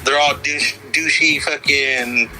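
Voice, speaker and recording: Bright-voiced young man chatting casually. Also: mid-range voice, fairly even intonation, slow, faint music behind, poor audio. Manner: rambling, swears often, says dude a lot. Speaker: podcast co-host. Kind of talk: casual film discussion.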